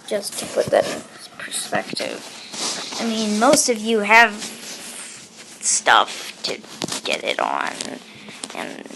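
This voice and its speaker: A woman's voice: fairly high pitch, background noise. A woman from India chatting casually as she comments on a game, rambling with many fillers. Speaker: gaming channel host.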